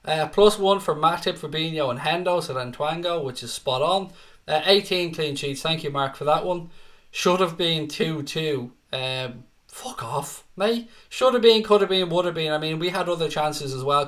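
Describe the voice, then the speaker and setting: Male fan-channel host, slightly high voice, loose and sweary, reading chat live. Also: fairly bright tone. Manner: brash bantering, swears freely; reads out chat messages and answers them. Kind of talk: casual live match-reaction stream. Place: home setup with no other audio.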